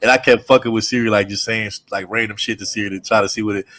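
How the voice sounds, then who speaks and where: Fast-talking man in casual banter. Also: fairly low pitch. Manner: animated storyteller, repeats "bro", swears freely. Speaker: podcast co-host. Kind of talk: casual group chat.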